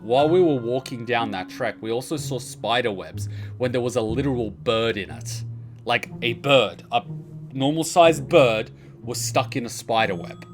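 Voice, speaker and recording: An Australian man giving casual gameplay commentary, telling rambling stories and swearing freely. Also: mid-range voice. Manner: profane, rambling storyteller. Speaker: let's play host.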